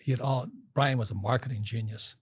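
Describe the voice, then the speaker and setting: A man's voice: medium pitch, steady tone, fairly quick, a little hiss or hum. An older man telling rambling stories in a casual interview, acting out quotes with frequent restarts. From Hawaii. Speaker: guest.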